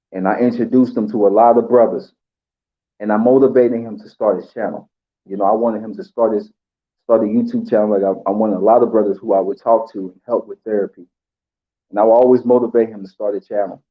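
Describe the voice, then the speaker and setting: A man giving an emotional tribute, halting with pauses and fillers as he holds back tears. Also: lowish voice, fairly even intonation, dull audio. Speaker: channel host.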